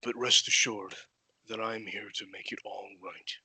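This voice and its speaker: Husky male player, bright, dry close sound, courtly in-character speech. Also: lowish voice, steady tone, normal speed, dry recording, poor audio. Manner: formal, courtly phrasing. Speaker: player voicing a paladin. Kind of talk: in-character tabletop role-play.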